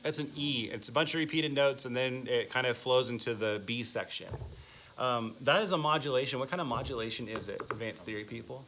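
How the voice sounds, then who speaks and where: A bright-voiced man leads a music masterclass, encouraging and full of questions for his students. He counts out exercises for the group. A little room noise sits behind him. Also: mid-range voice, fairly quick. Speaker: music teacher leading a masterclass. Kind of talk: classroom instruction.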